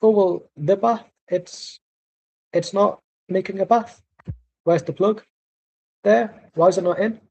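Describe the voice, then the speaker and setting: A man putting on a deliberately bad Italian accent to mock a bumbling man who cannot work out how to run a bath. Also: sits high, fairly even intonation, gravelly, darkish tone, no echo, muffled recording, voice pushed up, exaggerated voice. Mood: baffled. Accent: put-on Italian. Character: bumbling man, clueless about baths.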